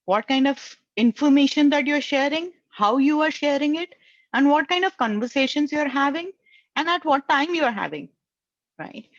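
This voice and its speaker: A woman's voice: high voice, dry recording. Earnest woman ending points with "right?". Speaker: career networking speaker. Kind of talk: advice talk to job seekers. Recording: dull lo-fi dry sound.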